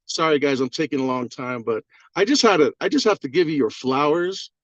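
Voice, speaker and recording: A man's voice: a little high, animated, a little fast, dry recording, lo-fi sound. A man on a community video call, giving a rambling, profane, fired-up testimonial. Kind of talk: excited testimonial on a group call.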